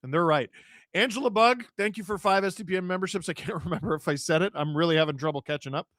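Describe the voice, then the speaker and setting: Excitable joking man hosting a live stream. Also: high-pitched, fast, dry recording, studio quality. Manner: joking, excitable, shouts on goals. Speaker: livestream host reading chat. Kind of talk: casual live watch-along chat and play-by-play.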